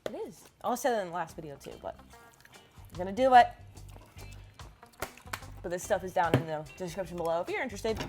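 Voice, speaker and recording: A woman's voice: on the low side, animated, over music. A woman hosting a fishing vlog, chatting upbeat and giggly as she tastes food and signs off. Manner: upbeat, giggly, quick sign-offs. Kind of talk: casual vlog chat.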